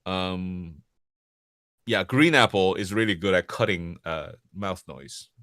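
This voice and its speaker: A man from Korea with a Korean accent, whose first language is Korean, answering audience questions as a voice actor in a casual Q&A, lively and chuckling often as he restarts and repeats words. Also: low voice, slow pace, no room sound, clean studio sound. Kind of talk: casual livestream Q&A.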